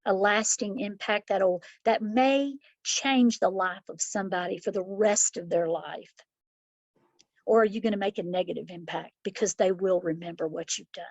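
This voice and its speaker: A school principal in middle age gives interview answers through heartfelt, reflective storytelling, imitating children's voices along the way. Her voice sits in the mid-range. The recording has no echo.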